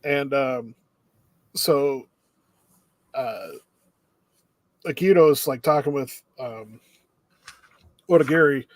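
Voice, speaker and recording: A man's voice: mid-range voice, dry recording. Man recapping steadily, dry sound. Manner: steady plot recapping, measured and easygoing. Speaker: podcast co-host. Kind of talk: casual chat recapping episodes.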